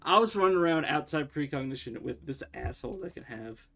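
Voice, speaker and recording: A man's voice: fairly high pitch, expressive, brisk, vocal fry, a bit bright. A man casually commenting on his own game as he streams, rambling and often correcting himself. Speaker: livestreamer playing a game.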